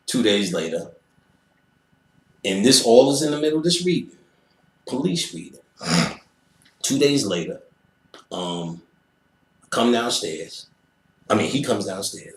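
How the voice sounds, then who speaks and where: A man's voice: fairly low pitch, a bit bright. A man being interviewed, telling a profane story with lots of energy and acting out other people's voices and sound effects. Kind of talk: animated storytelling. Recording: roomy echo.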